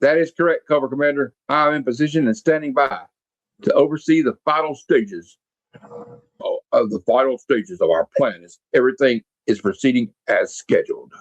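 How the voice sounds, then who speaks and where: A man voicing a scheming comic-book villain, reporting in a formal, measured way. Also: mid-range voice, no echo, highs cut off, close to an everyday voice.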